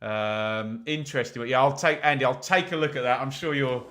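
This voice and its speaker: A man's voice: medium pitch, a little fast, a bit bright. A man hosting a live football watch-along, chatting casually with viewers and reading their comments, with frequent "um" fillers.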